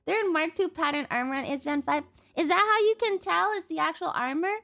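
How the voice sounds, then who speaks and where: Excitable young woman streamer, high voice. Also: fairly quick, vocal fry. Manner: excitable, swears, thinks aloud. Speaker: streamer reacting to a video. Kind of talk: casual live reaction.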